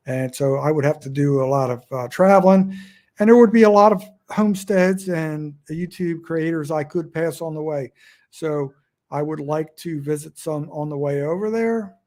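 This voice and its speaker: A middle-aged man with a Northern US accent talks casually into his phone at home. His voice sits a little high and sounds warm and mellow. He meanders and restarts his sentences, poking fun at himself as he goes. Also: normal speed. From Delaware, USA. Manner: meandering, self-deprecating, frequent restarts. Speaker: outdoors vlogger. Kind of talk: casual rambling talk to camera. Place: at home indoors. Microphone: phone front camera.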